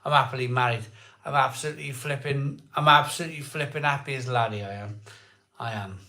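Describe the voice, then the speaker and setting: A man's voice: medium pitch, a little fast, bright, forceful tone, echoey room. A man, hosting a casual live stream, joking and laughing as he reads out viewer comments from home. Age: 40s. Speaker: host of a live beer-tasting stream. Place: at home, indoors.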